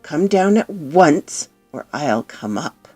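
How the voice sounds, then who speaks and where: A deep, hoarse, menacing nobleman who kills his wives, put on by a woman storyteller. He draws his words out slowly with a rough, gravelly edge. The delivery lands low and threatening, in the manner of a spoken storybook. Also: animated, a little mellow, soft background music, heavily acted. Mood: shouting. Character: menacing nobleman wife-killer, cold and threatening. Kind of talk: storybook narration with acted voices.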